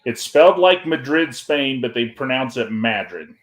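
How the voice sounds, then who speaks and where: A man's voice: mid-range voice, moderate pace. Easygoing man in a roomy space. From Iowa. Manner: easygoing, reminiscing storyteller. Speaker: podcast co-host. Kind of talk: casual sports watch-along chat.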